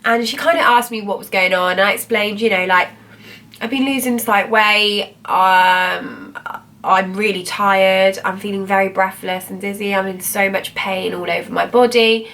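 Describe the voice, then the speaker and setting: A woman's voice: medium pitch, steady tone, normal speed, fairly bright tone, distant mic. A woman, telling her own story in a rambling, chatty way, full of "like" and "I was like". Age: 20s. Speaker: vlogger. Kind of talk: casual personal storytelling.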